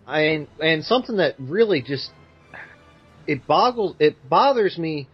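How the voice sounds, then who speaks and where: A man's voice: a little high, very animated, a little slow, breathy edge, muffled recording, faint music behind. A man co-hosting a casual podcast, giving his views with many "you know" fillers. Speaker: podcast co-host. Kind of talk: casual chat.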